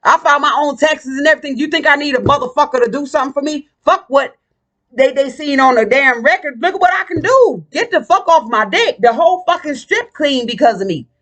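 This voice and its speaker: A woman's voice: sits high, animated, a little fast, fairly bright tone. Profane, combative woman ranting. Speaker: vlogger. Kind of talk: casual ranting monologue.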